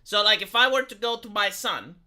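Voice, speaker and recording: Streamer, young man, Romanian accent, squeaky and bright, stumbling restarts, reads chat mid-ramble. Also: lively intonation, a little fast. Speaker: live streamer. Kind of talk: casual stream commentary.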